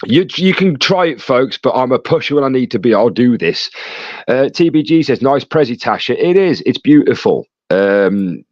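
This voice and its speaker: A man hosting a live stream, reading chat messages aloud with quick joking asides. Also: mid-range voice, expressive, a little mellow, dry recording. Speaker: livestream host reading chat. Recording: dull lo-fi dry sound.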